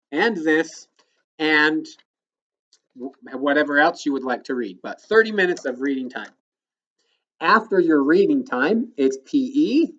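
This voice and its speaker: A male elementary school teacher giving a recorded phonics lesson to children, patiently explaining step by step and sounding words out slowly. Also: on the high side, a bit bright, muffled recording.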